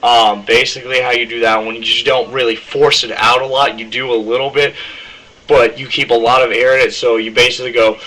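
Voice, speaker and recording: A man's voice: mid-range voice, level tone, fairly quick, pushed and bright, rough recording. A young man casually explaining how he does his screamed metal vocals, rambling with lots of ums. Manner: rambling, many ums, demonstrates harsh screams. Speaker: vocalist teaching screaming technique.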